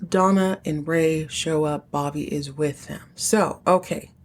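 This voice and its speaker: A woman podcast host giving a chatty, animated recap of a TV episode and acting out the characters' lines. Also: deep voice, measured pace.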